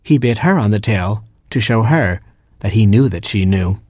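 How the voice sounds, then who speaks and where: A man narrating a children's storybook with playful expression. His voice is low and husky, recorded close and dry. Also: lively intonation, normal speed, darkish tone, no echo. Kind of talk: storybook reading.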